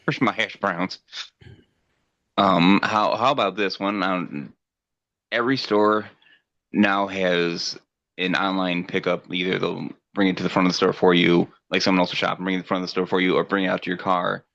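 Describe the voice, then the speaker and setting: A man's voice: low voice, fairly even intonation, normal speed, creaky, a bit bright, no room sound, lo-fi sound. A middle-aged man co-hosting a podcast, chatting casually and ranting with profanity, acting out voices in his stories. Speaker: podcast co-host. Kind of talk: casual chat.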